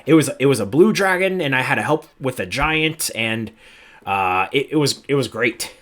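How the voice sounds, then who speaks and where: A man's voice: medium pitch, animated, moderate pace, fairly bright tone, close to an everyday voice. A man voicing an evasive, boastful male barkeep in a tabletop game, stammering through his bravado.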